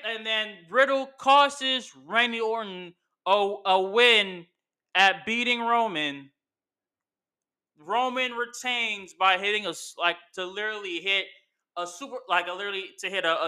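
A man's voice: high voice, bright, forceful tone, clear, resonant tone. A man hosting casual commentary, rambling through his ideas with lots of fillers and restarts. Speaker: wrestling commentary host.

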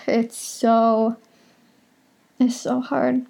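A woman's voice: a little high, fairly even intonation, measured pace, vocal fry, a little mellow. A young woman hosting a solo podcast from home, talking in a rambling, emotional, confessional way. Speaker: podcast host.

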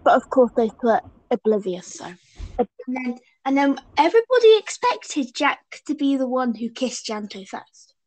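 A young woman co-hosting a podcast chats casually with a fan over a call, rambling and giggling as she links her thoughts with "and then." Her voice is high and darkish in tone, swinging widely in pitch at a moderate pace.

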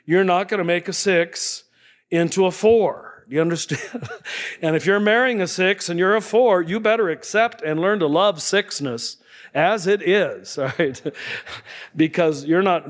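A man giving a spiritual talk to an audience, conversational, often checking in with the listeners and chuckling softly. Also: fairly high pitch, moderate pace. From United States. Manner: conversational, checks in with tag questions and soft chuckles. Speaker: spiritual teacher.

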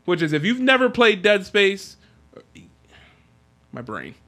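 A man co-hosting a podcast, chatting casually and excitedly about video games, rambling with lots of fillers. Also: sits high, slow pace. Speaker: podcast co-host.

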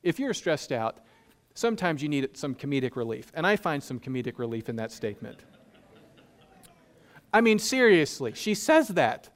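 A man's voice: a little high, very animated, moderate pace. A man preaching a sermon in a conversational, humorous way, asking his listeners rhetorical questions. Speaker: pastor.

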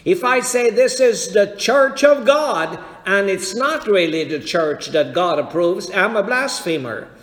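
A man preaching a sermon in a church, slow and deliberate, checking that his congregation follows. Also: high-pitched, lively intonation, fairly bright tone. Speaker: pastor. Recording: echoey hall with long reverb.

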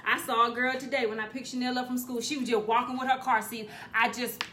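A middle-aged woman telling a comic family story, profane and animated, with sudden loud bursts. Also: a little high, quick pace, a little hiss or hum. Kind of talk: comedic storytelling.

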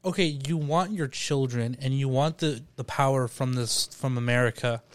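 A man's voice: mid-range voice, moderate pace, a little hiss or hum. A man hosting a podcast, talking casually and animatedly about a film, often repeating words as he gathers his thoughts. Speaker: podcast host. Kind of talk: casual chat.

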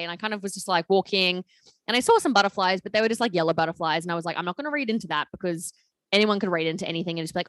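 Fast-talking woman, gushing. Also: lowish voice, no echo. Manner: gushing, animated storytelling. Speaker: podcast co-host. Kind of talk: casual chat.

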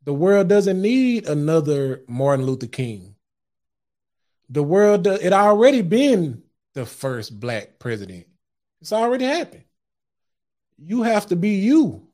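With a high, dark voice full of big pitch swings, a man hosting his show speaks a little slowly and pauses often. He gives a passionate, sermon-like motivational speech in street slang, addressing listeners as guys and family and repeating words when starting thoughts.

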